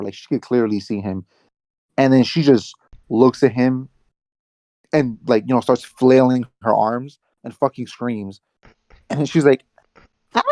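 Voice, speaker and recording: A man's voice: medium pitch, no room sound. Slangy New York man telling a story. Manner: animated storyteller, heavy slang and profanity. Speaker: podcast co-host. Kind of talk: casual storytelling chat.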